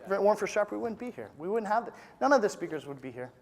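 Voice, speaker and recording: A man giving an energetic, joking motivational talk at a live business seminar, rallying the audience into chants. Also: high-pitched, very fast. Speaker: motivational speaker at a business event. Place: large conference room with live audience. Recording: reverberant hall with crowd. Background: audience responses and applause.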